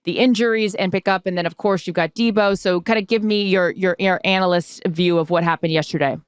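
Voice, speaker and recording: A woman's voice: lowish voice, fairly even intonation, a little fast, smooth, no echo, clean studio sound. A woman co-hosting a podcast, upbeat as she leads the questions. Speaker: podcast co-host. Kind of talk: casual chat.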